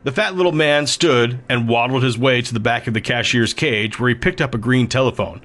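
A man narrating a novel in a steady, even storytelling manner. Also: mid-range voice, a little fast, slight background noise. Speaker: audiobook narrator. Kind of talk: scripted narration.

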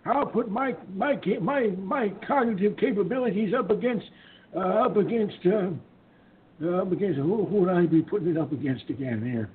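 A man's voice: high-pitched, normal speed, pitched above the performer's own voice, natural voice. Man putting on a forgetful old geezer. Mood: rambling. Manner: wavering, trailing off, losing his thread. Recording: tinny phone-line audio with faint noise.

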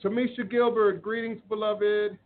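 A man's voice: high-pitched, level tone, moderate pace. A man hosting a spiritual live stream, talking earnestly and preachily to viewers, reading their comments and repeating phrases for emphasis. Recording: phone-like audio with faint noise.

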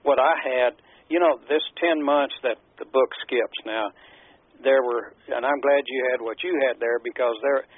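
Guy cohost on a phone line, kinda husky, calm and agreeable. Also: mid-range voice, no echo. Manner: measured, agreeable, reads out dates from the book. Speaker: podcast co-host. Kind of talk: casual discussion of a historical text.

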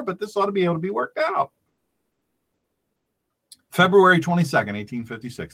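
A man's voice: fairly high pitch, a bit bright. A man, a pastor hosting an online show, giving emphatic commentary that repeats its points and calls the listeners folks. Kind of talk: animated political commentary.

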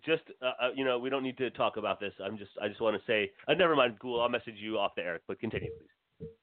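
A man's voice: medium pitch, fast talker, no echo. A man co-hosting a podcast, talking emphatically and profanely, and poking fun at himself. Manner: emphatic, profane, self-mocking. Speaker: podcast co-host. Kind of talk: casual movie chat. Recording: tinny phone-like line.

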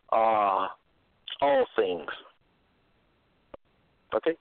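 A man preaching scripture in a slow, deliberate way, repeating phrases and checking in with "okay?". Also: medium pitch, no room sound. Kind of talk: scripture teaching monologue. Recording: tinny phone-line sound, dry.

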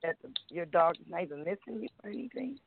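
A man's voice: high voice, animated, a little hiss or hum. A man hosting a call-in radio show, chatting casually and reading a poem aloud in a rambling, giggly way. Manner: giggly, rambling, reads haltingly. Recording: tinny phone line.

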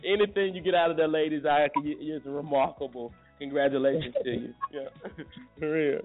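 A man hosting a morning talk show, telling crude, joking stories in a fairly high voice. His voice comes through a tinny, phone-like line with faint music underneath. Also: fairly even intonation, moderate pace. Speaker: radio show host. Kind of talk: casual morning show chat.

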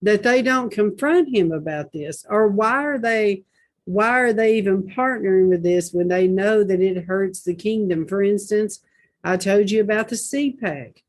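A woman's voice: medium pitch, a little slow. A woman hosting a Christian talk show, reading posts aloud and commenting with indignant rhetorical questions.

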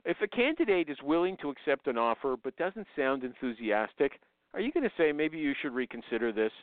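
A man's voice: medium pitch, big pitch swings, fairly quick, no echo. A man hosting a call-in talk show, pressing his guests with probing questions. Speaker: host. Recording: dry, tinny phone-like sound.

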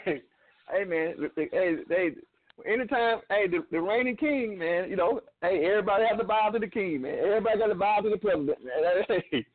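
A man's voice: high voice, brisk. A man chatting casually on a call, easygoing and repeating his points. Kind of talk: casual chat. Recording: tinny phone line.

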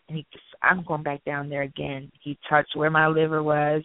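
A woman's voice: sits low, normal speed, creaky, few pauses, no echo. A woman from Annapolis, Maryland, telling her personal story as an interview guest, acting out the dialogue as she goes. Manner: animated, acts out dialogue. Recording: tinny phone-line sound.

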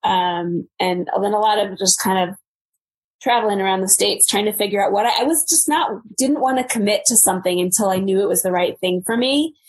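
A woman in her thirties, a guest on a live stream, telling her story in a lively, laughing way. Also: medium pitch, brisk. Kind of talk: casual interview chat.

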